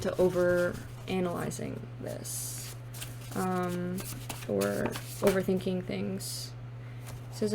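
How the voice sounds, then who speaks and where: Slow, sassy woman reading tarot cards. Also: on the low side, flat delivery, vocal fry, noisy background. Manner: thinks aloud, sassy exclamations, swears casually. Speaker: tarot reader. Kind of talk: casual tarot card reading to camera.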